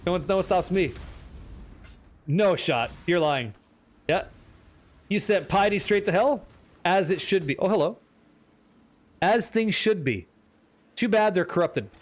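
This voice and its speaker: A man live-streaming a game, chatting and joking with viewers, excitable and profane. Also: high voice, unhurried, long pauses. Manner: excitable, profane, teasing chat, reading questions aloud.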